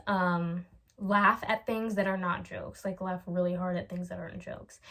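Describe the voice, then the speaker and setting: Young woman rambling through comedic advice. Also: on the low side. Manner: rambling, acts out both sides of dialogues with laughter. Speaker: vlogger.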